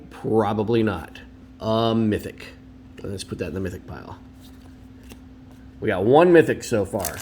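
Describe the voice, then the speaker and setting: A man's voice: on the low side, lively intonation, unhurried, a little mellow, slight background noise. A man hosting a casual card-opening video at home, chatty and opinionated, with rambling asides. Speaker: card collector and video host.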